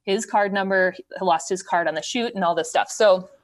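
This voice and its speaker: A woman guest telling a candid, animated story in casual conversation. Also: mid-range voice, fairly quick. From Wisconsin. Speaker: podcast guest.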